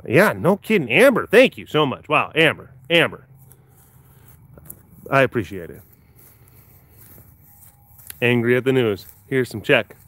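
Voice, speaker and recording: A man's voice: medium pitch, big pitch swings, a little slow, long pauses, fairly bright tone, dry recording. A man hosting a live stream, reading viewer comments with playful teasing and frequent laughter. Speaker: livestream host at a big cat facility.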